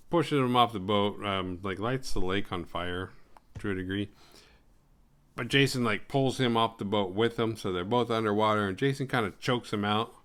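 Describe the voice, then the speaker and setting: A man's voice: on the low side, fairly bright tone, smooth. A man hosting a horror movie podcast, retelling the plot in a rambling, jokey way with crude humor. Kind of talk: casual film recap.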